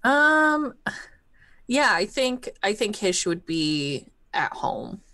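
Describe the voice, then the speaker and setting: A woman playing in a tabletop game, speaking in a hesitant, unhurried way, often slipping into light giggles. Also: mid-range voice, sing-song, sharp tone, no echo. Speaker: player. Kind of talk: in-character tabletop role-play.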